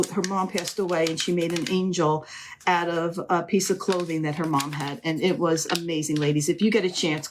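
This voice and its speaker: A woman's voice: fairly low pitch, noisy background. A middle-aged woman hosting a live crafting demonstration, chatty and gushing, often calling her viewers "ladies". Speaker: crafting live-stream host.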